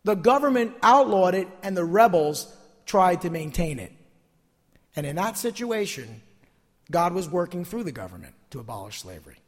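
Man, pastor, tired voice, emphatic sermon, high-pitched, echo of a large hall. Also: very animated, moderate pace, slightly rough. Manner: emphatic preaching, repeats key phrases.

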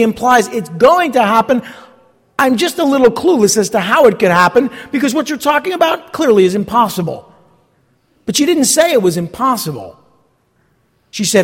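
A man's voice: high voice, sing-song, normal speed, husky, in a large hall. A man preaching a sermon with emphasis, repeating key phrases and putting questions to the congregation. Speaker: pastor.

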